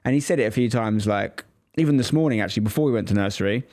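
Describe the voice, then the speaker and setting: A man in his thirties, a podcast co-host in casual chat, telling lively anecdotes and acting out what others said. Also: on the low side, very fast. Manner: lively anecdotal storytelling, acts out quoted voices.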